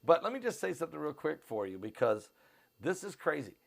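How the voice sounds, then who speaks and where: A man with an American Midwestern accent hosting a live stream, pushing tickets in a repetitive, urgent pitch full of fillers. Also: big pitch swings, a little fast, vocal fry. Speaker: host of a prophecy channel. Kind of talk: live-stream promotion and commentary. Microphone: on camera.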